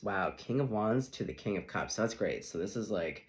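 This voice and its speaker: A man with a lowish voice gives a tarot reading in a relaxed, chatty way. His pitch swoops around a lot, and he slips into playful little acted reactions as he talks through each card. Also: normal speed, hardly any pauses. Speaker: tarot reader.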